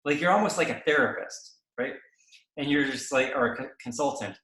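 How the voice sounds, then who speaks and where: A man's voice: medium pitch, fairly quick. A man with a mid-range voice gives casual coaching on how to draw people out in conversation. He acts out little back-and-forth exchanges and keeps checking in with "right?". The room is bare and echoey, so his voice rings a little. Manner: animated, acts out dialogue, frequent tag "right?". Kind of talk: coaching chat, explaining sales conversations.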